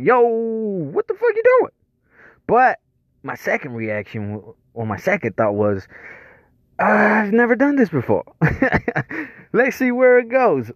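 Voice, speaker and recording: A man's voice: fairly high pitch, no room sound. A man telling a crude comic story in a rambling, profane way, chuckling between lines. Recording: dull lo-fi dry recording.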